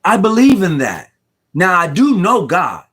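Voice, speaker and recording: Middle-aged man, high voice, rambling and heartfelt, slangy, choked up at times, speaking over a video call from home. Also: wildly swooping pitch, unhurried, fairly bright tone, breathy edge. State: near tears. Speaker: Mason guest on a live stream. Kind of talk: emotional casual talk. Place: room at home.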